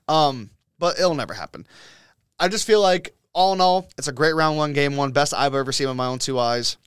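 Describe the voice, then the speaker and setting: A man hosting a casual sports podcast, talking in an excitable, opinionated way full of profanity. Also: on the high side, brisk, clean tone, no echo, studio quality. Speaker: podcast host.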